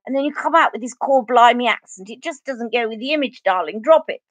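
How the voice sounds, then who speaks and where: A woman's voice: on the high side, expressive, fast, fairly bright tone, no echo, pitched above the performer's own voice. A woman voicing a posh, gushing older female elocution teacher with a plummy English accent.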